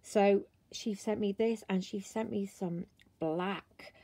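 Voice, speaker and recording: A British woman chatting casually as she shows off craft gifts, croaky from the end of a cold and gushing over each item. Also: mid-range voice, steady tone, takes it slowly, no room sound, poor audio. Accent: British English. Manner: gushing and warm, frequent ums, gasps with delight. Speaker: craft vlogger. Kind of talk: casual show-and-tell chat.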